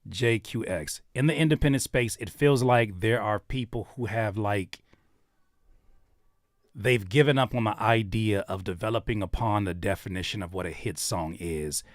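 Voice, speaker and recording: A man's voice: fairly low pitch, normal speed, no echo, clean studio sound. A man hosting a live stream, reacting to listeners' songs in casual, thoughtful talk with many fillers and restarts.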